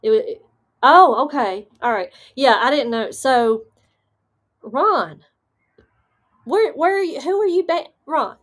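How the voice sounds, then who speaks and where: This woman's high-pitched, fairly bright voice has lively intonation, moving at a slow pace with frequent pauses. She's a Southern American host of a live paranormal stream, reading comments in laid-back, chatty fashion, laughing easily and filling her speech with fillers.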